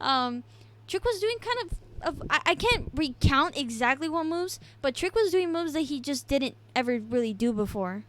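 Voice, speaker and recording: A young woman with a slightly high voice talks through a casual podcast recap. She is chatty and giggly and fills her pauses with ums and little hedges. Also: sing-song. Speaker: podcast co-host. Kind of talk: casual wrestling recap chat.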